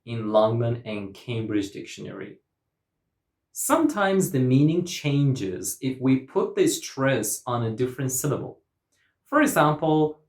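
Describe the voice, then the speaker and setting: Male pronunciation teacher, slow and deliberate, lively pitch, echoey room. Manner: repeats words slowly, stressing syllables.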